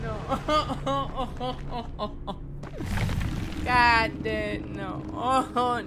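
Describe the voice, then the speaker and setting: A woman streaming a game, reacting loudly and swearing at her teammates, over a noisy background hum. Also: on the high side, extremely slow. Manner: excitable, swearing, yelling at teammates. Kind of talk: live game commentary.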